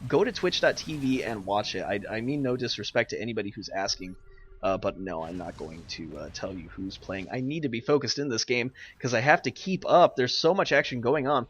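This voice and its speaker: A young man casting a live online strategy game, ranting and exasperated, swinging between loud outbursts and muttered asides. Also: mid-range voice, fairly quick, a little hiss or hum. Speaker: game caster and streamer.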